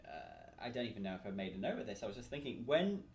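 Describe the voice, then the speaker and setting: A man, chatting casually as a podcast host, animated and swearing as he acts out quotes. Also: mid-range voice, very fast. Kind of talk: casual chat. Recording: roomy echo, faint room noise.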